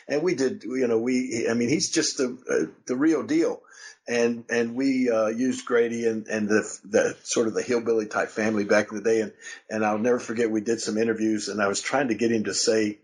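Older male podcast host, husky voice, rambling storyteller who laughs often. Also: lowish voice, low-quality recording. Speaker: podcast host, wrestling legend. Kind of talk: casual storytelling chat.

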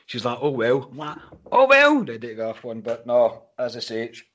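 A man's voice: medium pitch, level tone, a little fast, dull audio. A young Scottish man hosting a casual fan podcast, frustrated and swearing about a lost match. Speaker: podcast host.

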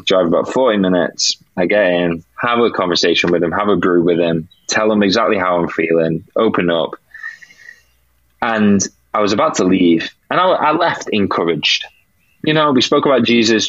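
A man's voice: sits low, a bit bright, dry recording. A British man, a podcast guest, earnestly telling a faith testimony and acting out the dialogue he remembers. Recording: dull lo-fi dry sound.

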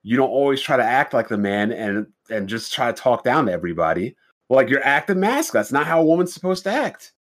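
A man's voice: mid-range voice, big pitch swings, fast. Blunt, profane man telling stories. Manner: blunt, storytelling with acted-out quotes, profane. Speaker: podcast host. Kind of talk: casual podcast chat.

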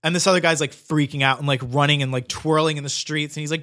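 A man's voice: on the high side, fast talker, few pauses, bright, forceful tone. A man telling a long story in casual chat, rambling with lots of "like" and swearing. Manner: rambling, heavy use of "like", swearing.

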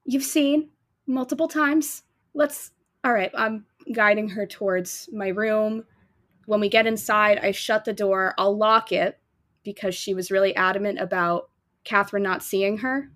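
A woman playing in a tabletop horror game, casually narrating her character's gentle, caring actions. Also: mid-range voice, fairly even intonation, unhurried. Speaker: player. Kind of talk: tabletop role-play.

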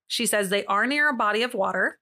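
A woman's voice: medium pitch, brisk, sharp tone. A young woman hosting a podcast, retelling a true-crime case in a casual, chatty way, laughing often and swearing now and then. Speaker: podcast host.

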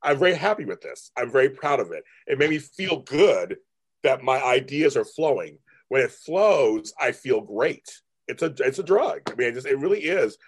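Man in his fifties, middle pitch, candid interview guest, profane and animated. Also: moderate pace, husky. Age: 50s. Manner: blunt, profane and animated, mimicking family in raised voices. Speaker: guest artist. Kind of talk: candid casual interview talk.

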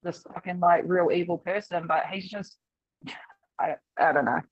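A woman's voice: fairly low pitch, moderate pace, slightly rough, dry recording. A woman guest in a casual chat, rambling with many fillers. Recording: dull dry sound.

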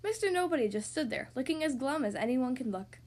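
A woman reads a picture book aloud to young children in a high voice. Her storytelling is gentle and expressive. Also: a little fast, a little hiss or hum. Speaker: podcast host reading to kids.

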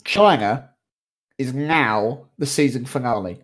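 A man's voice: medium pitch, takes it slowly. A man co-hosting a podcast in casual chat, joking and tossing out playful ideas. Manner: jokey, throws out playful ideas. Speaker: podcast co-host.

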